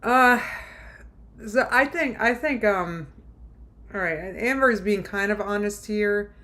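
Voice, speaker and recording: Woman, react streamer: sarcastic, exasperated, slow delivery. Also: mid-range voice, a bit bright. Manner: sarcastic, exasperated, talks back at the clip. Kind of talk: casual react commentary.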